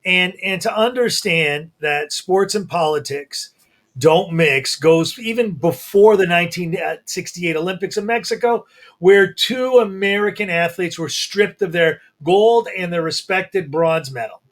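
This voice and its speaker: A man's voice: high voice, measured pace, a bit bright. A man co-hosting a sports opinion show, casually setting up the topic and handing over to his partner. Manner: conversational, sets up topics, hands over the floor. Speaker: co-host. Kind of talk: opinion talk podcast.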